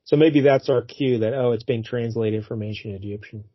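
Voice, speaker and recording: A man's voice: mid-range voice, fairly quick, slightly rough, no room sound. A man co-hosting a podcast, casually recapping a comic book and putting on silly voices for the characters. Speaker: podcast co-host. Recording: dull lo-fi dry recording.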